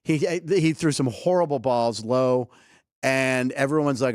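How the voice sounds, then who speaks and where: A man's voice: mid-range voice, a little slow, clear, resonant tone, dry recording, clean studio sound. A man hosting a sports comedy show, riffing casually and laughing often as he talks through clips. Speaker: host.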